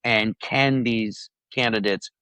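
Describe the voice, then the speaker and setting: A man co-hosting a political podcast, thinking aloud in a lively, casual way. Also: on the low side, slow, clear, resonant tone, dry recording. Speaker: podcast co-host.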